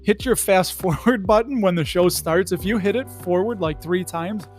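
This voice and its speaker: A man rambles through his home podcast in a loose, goofy way. His voice sits high. Faint music plays softly behind him. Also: normal speed. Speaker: podcast host. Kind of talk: casual solo podcast. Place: his home in the Chicago suburbs.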